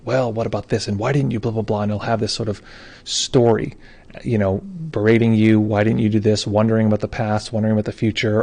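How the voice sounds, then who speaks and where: Fast-talking gravelly man teaching meditation. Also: fairly low pitch. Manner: relaxed and informal, with frequent restarts. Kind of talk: explaining meditation in a live call.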